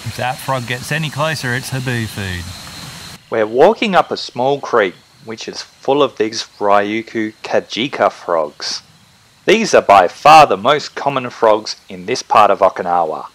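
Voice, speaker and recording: Australian man, wildlife vlog host, casual field narration, middle pitch, night creek, insect chorus behind. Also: lively intonation, a little slow, slight background noise, rough recording. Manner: chatty, talks to animals calling them mate. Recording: outdoor recording with loud insects. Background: crickets and insects.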